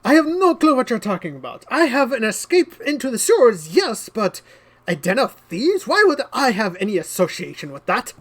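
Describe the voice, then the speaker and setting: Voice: medium pitch, very animated, moderate pace, voice pushed up. A game master voicing a scheming male nobleman who plays innocent and haughty in a tabletop game. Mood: smugly evasive. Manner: evasive, haughty, feigning innocence. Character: scheming male nobleman lord, smooth and indignant.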